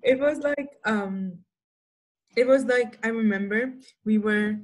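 A young woman with a somewhat high voice chats casually on a podcast. She rambles through her stories, leaning on "like" and breaking into laughs often. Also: slow pace. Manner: rambling storyteller, many "like" fillers, laughs often. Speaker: podcast co-host. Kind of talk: casual chat.

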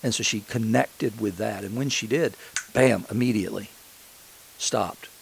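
A man's voice: fairly low pitch, measured pace, gravelly, a little hiss or hum, low-quality recording. A man preaching a sermon as pastor, telling the story conversationally and often restarting his sentences.

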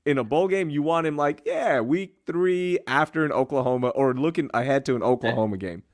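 A relaxed young adult man co-hosting a casual chat show, laughing easily and steering into promos. His voice sits dry and close, with no room sound around it. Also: on the high side, a little fast, no echo. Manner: easygoing, laughs often, promotes segments. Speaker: co-host.

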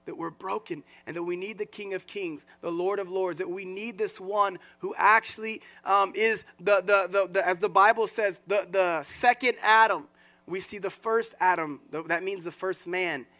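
A man preaching as lead pastor, earnest and animated, often repeating words and restarting phrases. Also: high-pitched. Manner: acts out quoted voices mid-sermon. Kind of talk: sermon.

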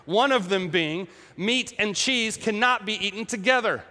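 A man preaching a sermon in a casual, humorous and animated way. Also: sits high, measured pace. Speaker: pastor. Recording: echoey hall.

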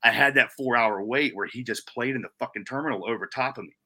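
A man co-hosting a podcast, telling a story in casual chat with plenty of swearing and animated delivery. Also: medium pitch, fast. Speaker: podcast co-host.

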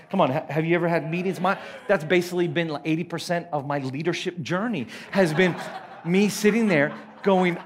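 An Australian man preaching in a high, bright voice. He is earnest and emphatic at a church service, and he slips in light, playful asides. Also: brisk. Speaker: pastor. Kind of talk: sermon.

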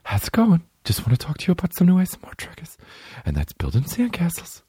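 Whispered role-play: man doing a breathy, swaggering bro-celebrity ASMR bit, high, dry close sound. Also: wildly swooping pitch, fast, warm tone, no room sound, full character voice. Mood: mock-soothing.

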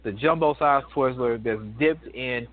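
A man in his thirties tells a story over a thin, tinny phone line. He speaks at a middle pitch and retells events with energy and emphasis. He trips over and restarts his sentences often. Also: a little slow. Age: 30s. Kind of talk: casual storytelling.

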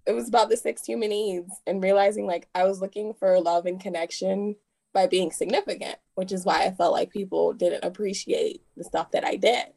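A woman's voice: mid-range voice, steady tone, brisk, gravelly, mellow. A young woman in a coaching session, talking through a personal realization in an earnest, chatty way full of "like.". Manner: earnest, chatty, many likes. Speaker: coaching participant. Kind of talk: casual sharing.

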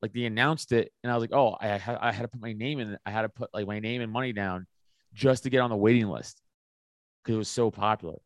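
Low-voiced comedian guy on a podcast, blunt hot takes, stops and restarts, dry mic. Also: no echo. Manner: blunt, opinionated, halting with restarts. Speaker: stand-up comedian, podcast guest. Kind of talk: casual podcast chat.

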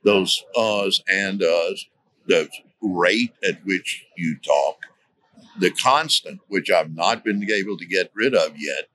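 A man speaking as a guest in a podcast interview, explaining his points deliberately and repeating key words for emphasis. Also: low voice, bright, forceful tone, no echo. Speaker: guest, safety trainer.

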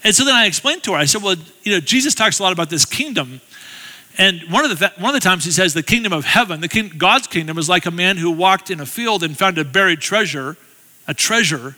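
A man's voice: high voice, lively intonation, fast, pushed and bright, big-room sound. A middle-aged man giving a guest sermon in a church, telling a story in a chatty, self-deprecating way with humorous asides. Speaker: guest speaker. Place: church sanctuary.

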